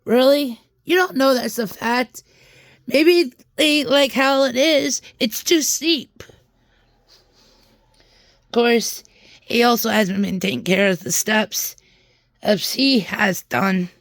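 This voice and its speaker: A woman's voice: on the high side, slow pace, pauses often, no echo. A young woman telling a rambling personal story in a vlog, frustrated and venting, often restarting and repeating her words. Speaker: vlogger.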